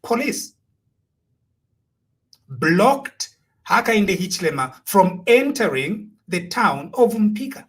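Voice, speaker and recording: A man's voice: sits high, very animated, slow, long pauses, a bit bright. A man with a Zambian accent giving impassioned, preachy political commentary, full of rhetorical questions. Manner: preachy, rhetorical, switching between Bemba and English.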